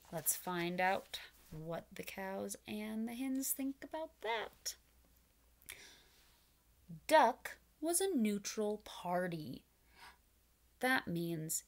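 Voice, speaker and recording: A woman reading a picture book aloud to preschoolers, pausing to explain words and invite the children to join in. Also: mid-range voice. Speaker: children's storyteller.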